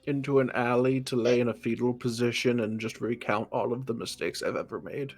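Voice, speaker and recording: A man's voice: medium pitch, fairly even intonation, brisk, breathy edge, faint music behind. Sarcastic joking man player. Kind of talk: casual chat.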